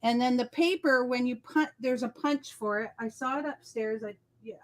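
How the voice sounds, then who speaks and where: Her voice is fairly high as she co-hosts a relaxed crafting livestream over video call, chatting casually. She explains patiently, a little at a time, stopping often to confirm her listener is following along.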